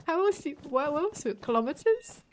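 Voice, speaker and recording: A woman's voice: high-pitched, sing-song, a little fast, a little hiss or hum. An English woman live-streaming a game, chatting casually, laughing often and swearing freely. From England. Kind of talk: casual live-stream chat while gaming.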